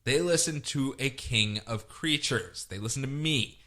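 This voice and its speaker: A man voicing a menacing male sea-monster king who speaks slowly and accusingly. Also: medium pitch, bright, forceful tone.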